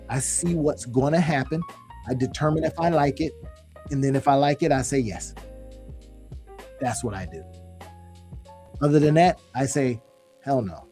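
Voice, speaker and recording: A man giving a live screen-share tutorial on online business, talking in an animated, folksy way and calling viewers y'all. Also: mid-range voice.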